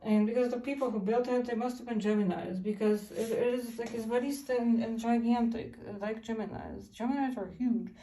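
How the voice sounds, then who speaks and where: A woman's voice: fairly high pitch, warm tone. A woman giving a rambling vlog monologue that halts often and is full of fillers and restarts. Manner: halting, many fillers and restarts. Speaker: vlogger. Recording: echoey room, far from the mic.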